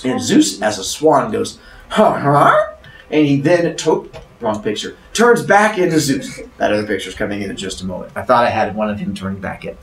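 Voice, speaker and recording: Retelling a myth like a teacher, a man gives an animated, playful, jokey storytelling lesson. His lowish voice is expressive and fairly quick, recorded on a distant mic in a roomy space.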